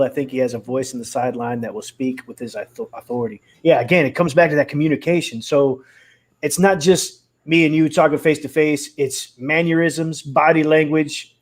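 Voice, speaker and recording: A man co-hosting a casual sports talk show, reasoning through points in a reflective way. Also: on the high side. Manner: reflective, analytical, hedging. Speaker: podcast co-host.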